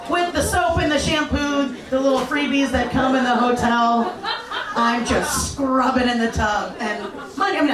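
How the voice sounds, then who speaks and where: Woman doing a raunchy live story, laughing a lot, echoey room, bit far from the mic. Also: fairly high pitch. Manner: animated, crude and self-mocking, laughing through punchlines.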